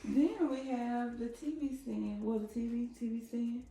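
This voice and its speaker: A woman's voice: on the high side, unhurried, warm tone, slight background noise. Chatty woman giving a home decor tour. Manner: chatty, pointing out items as she walks. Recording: echoey room.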